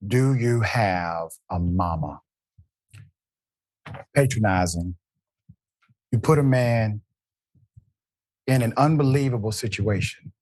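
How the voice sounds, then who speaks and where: A man's voice: lowish voice, a little mellow, no room sound. A man hosting a news commentary show, speaking in a pointed, indignant way and addressing the people in the clips directly. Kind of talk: opinion commentary.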